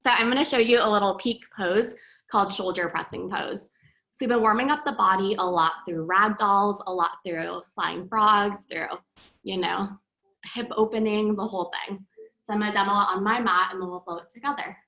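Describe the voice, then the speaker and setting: A woman teaching a live online yoga class, cueing breaths and poses in a calm, paced way while out of breath. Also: medium pitch, moderate pace, vocal fry. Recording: echoey room from far off.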